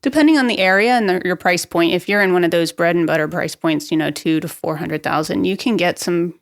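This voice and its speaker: A woman with a somewhat low voice talks as a guest expert on a real estate podcast. She explains marketing tips in a brisk, practical and upbeat way. The recording is dry and close, with no room sound. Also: no echo.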